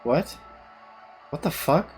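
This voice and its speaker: A man's voice: slow, soft background music, natural voice. A man reading the lines of a dazed, weary young woman aloud from a visual novel. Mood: startled.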